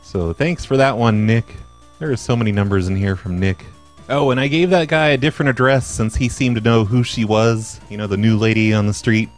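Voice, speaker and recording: A man's voice: fairly low pitch, brisk, soft background music. Chatty man hosting a prank show. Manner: relaxed, chatty, rambling asides. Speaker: host and prank caller. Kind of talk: casual podcast narration.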